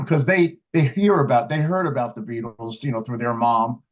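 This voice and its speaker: An older man speaks in an easygoing, rambling storytelling manner, doubling back on his words and filling pauses with ums and uhs. His voice sits at an ordinary middle pitch. The recording sounds a little dull and lo-fi. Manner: rambling storyteller with many restarts and fillers. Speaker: interviewed blues harmonica player. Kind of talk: casual interview.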